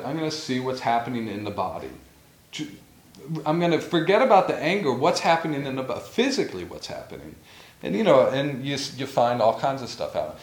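With a voice on the high side, big pitch swings, and a slightly bright quality, a male meditation or yoga teacher speaks at a measured pace. His informal spiritual talk is reflective and story-driven, broken by occasional laughter, captured in an echoey room with faint ambience and slight background noise.

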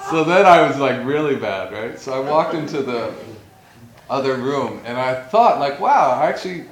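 A man's voice: medium pitch, sing-song, slow pace, a bit bright. A man giving an informal spiritual talk as a teacher, reflective and storytelling, laughing now and then. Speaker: meditation or yoga teacher. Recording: echoey room with faint ambience.

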